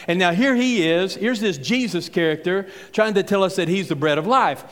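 A man's voice: sits high, normal speed, few pauses, fairly bright tone. Folksy preacher man in a reverberant hall. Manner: folksy, conversational, acts out the crowd's and Jesus' words. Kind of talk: expository sermon.

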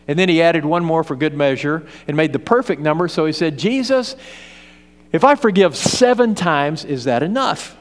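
Brief: male preacher, emphatic, high-ish voice, echoing church hall. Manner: emphatic, repetitive, storytelling. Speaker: pastor. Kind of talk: sermon. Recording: reverberant hall.

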